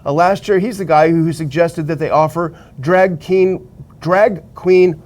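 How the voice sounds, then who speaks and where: A man's voice: on the high side, steady tone, measured pace, a little mellow. A man co-hosting a political talk show, reading news articles aloud and adding blunt remarks of his own. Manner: reads article quotes and adds blunt remarks. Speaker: show co-host.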